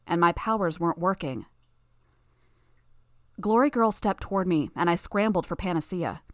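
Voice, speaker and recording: A woman narrating a first-person novel in a tense, steady reading. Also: on the low side, moderate pace, no echo, clean studio sound. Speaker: audiobook narrator.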